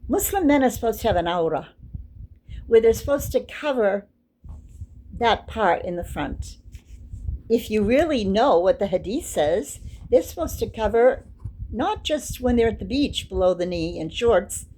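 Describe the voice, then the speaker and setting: An older woman giving an informal, chatty lecture, quick to get excited. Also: mid-range voice, low-quality recording. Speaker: teacher.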